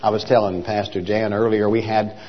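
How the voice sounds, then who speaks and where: A man's voice: lowish voice, little pitch movement, fairly quick. An older man with an Oklahoma accent, a traveling minister preaching in a folksy way, repeating words and building to emphatic rhythmic points. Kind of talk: sermon. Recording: dull lo-fi church hall recording.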